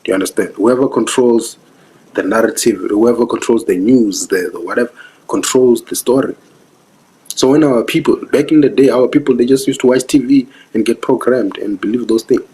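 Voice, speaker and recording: A man's voice: mid-range voice, moderate pace, mellow, low-quality recording. A young South African man with a South African accent giving casual live-stream commentary, earnest and preachy, who keeps asking whether you understand. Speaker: vlogger.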